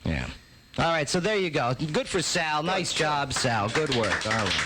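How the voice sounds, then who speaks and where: A man hosting a talk show, joking loudly through clip reactions and reading a news story with many fillers. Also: on the high side, very animated, normal speed, over loud music, rough recording. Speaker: host. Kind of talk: casual chat, reacting to clips.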